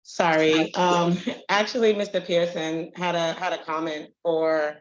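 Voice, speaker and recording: Brief: hesitant woman, low, flat voice, speaking quietly; muffled roomy audio. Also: measured pace, a little hiss or hum. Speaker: meeting participant. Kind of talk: casual remarks at a public meeting.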